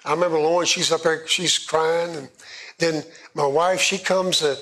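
A man giving a sermon testimony, halting and often repeating himself. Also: a little high, steady tone, a bit bright. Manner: halting, repeats words and restarts. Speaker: preacher.

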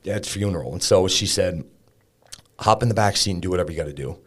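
Low-voiced man, frank and casual. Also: fast. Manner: casual and frank, swears, fills with "like". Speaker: podcast guest. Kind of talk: candid personal storytelling in an interview.

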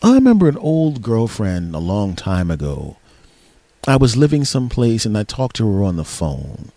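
A male comedian hosting his own podcast, telling a story in an animated, rambling, repetitive way. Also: lowish voice, normal speed, no room sound.

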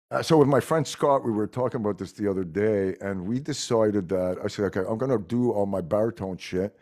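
A middle-aged man with a Montreal accent whose first language is French, talking in a casual chat, animated and swearing freely. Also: on the low side. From Montreal, Quebec. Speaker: guest musician.

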